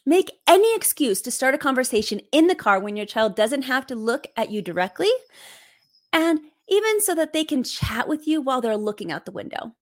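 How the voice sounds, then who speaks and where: A woman's voice: sits high, sing-song, a little fast. Emphatic woman coaching parents. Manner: emphatic and direct, laughs lightly between points. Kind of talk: direct advice to camera.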